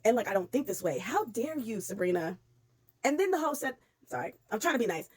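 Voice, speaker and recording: A woman ranting bluntly on camera, swearing freely and talking in an animated, exasperated way. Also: fairly high pitch, brisk, breathy edge. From United States. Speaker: vlogger. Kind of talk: casual commentary rant.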